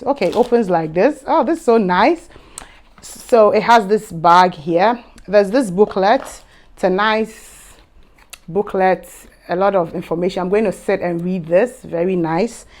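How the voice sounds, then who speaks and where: A young woman hosting a fragrance channel, chatting excitedly through an unboxing. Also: medium pitch. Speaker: fragrance vlogger. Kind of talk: casual unboxing vlog.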